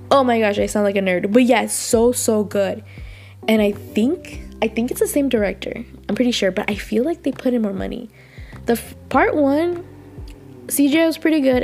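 A woman, a little under the weather, talks through a drama in a loose, rambling vlog recap, often stopping to laugh at herself. Her voice sits at a middling pitch, with faint music playing quietly underneath. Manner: rambling, chatty, self-deprecating with laughs. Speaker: drama reviewer.

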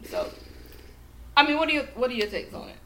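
A woman's voice: high-pitched, very animated, fast, fairly bright tone. A woman co-hosting a podcast, telling stories with lots of swearing and laughter. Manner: profane, storytelling, laughing often. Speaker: podcast co-host. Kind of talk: casual chat. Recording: echoey room, faint noise.

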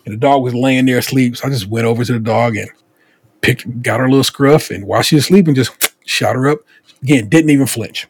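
Husky male podcast host telling stories. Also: mid-range voice, fast, no room sound, clean studio sound. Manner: animated storytelling with profanity and acted quotes. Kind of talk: casual podcast chat.

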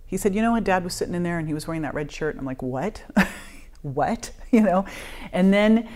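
A middle-aged woman, a podcast guest, telling an emotional personal story in an animated way, acting out dialogue and laughing often. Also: lowish voice, quick pace.

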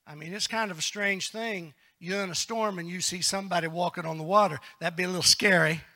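A man preaching a sermon as pastor, moving between hushed, whispered lines and loud, shouted passages, asking the congregation to respond. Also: high-pitched, fairly even intonation, fairly quick.

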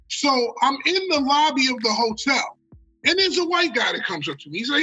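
An American man telling a long story in casual talk. He is animated and profane, and he acts out the quotes. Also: extremely high pitch, normal speed, slightly rough, soft background music, poor audio. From United States. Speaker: guest storyteller.

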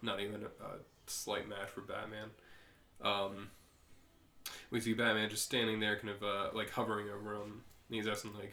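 Man, low pitch, casual podcast talk, echoey room. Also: flat delivery, normal speed, pushed and bright. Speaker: podcast co-host. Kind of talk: casual chat, summarizing comic.

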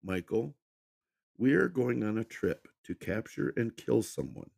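A man voicing a calm, patient young woman who speaks in a measured way. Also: fairly low pitch, gravelly, no echo, studio quality, voice pushed up, exaggerated voice.

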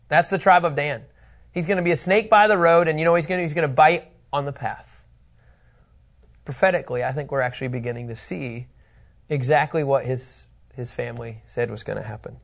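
A man's voice: a little high, brisk, creaky. A man teaching a Bible lesson in a casual, joking way, laughing often.

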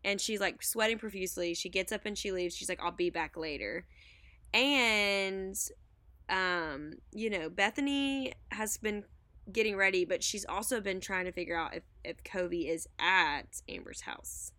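A young woman with a bright, forward voice carries on an improvised comic story, chatty and stopping on fillers. Her pitch is middling. The recording is dry and close. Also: a little slow, no echo. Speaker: co-host.

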